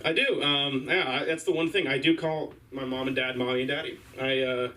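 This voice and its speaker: A young man doing a rambling open-mic stand-up set, halting and full of fillers. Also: medium pitch, steady tone, bright, forceful tone. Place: small comedy stage. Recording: distant mic, faint room noise.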